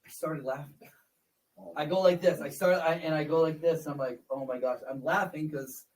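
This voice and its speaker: A man's voice: fairly high pitch, steady tone, moderate pace. Storytelling man host, a bit far off the mic. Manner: storytelling, repeats words, laughs while telling. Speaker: podcast host. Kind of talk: casual interview chat.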